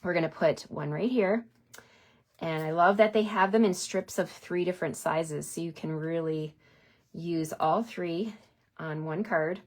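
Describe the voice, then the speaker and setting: A woman's voice: lowish voice, a little slow. A woman hosting a hands-on craft tutorial, chatting cheerfully to her viewers as she works. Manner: chatty, upbeat, talks to viewers while working. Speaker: papercraft demonstrator.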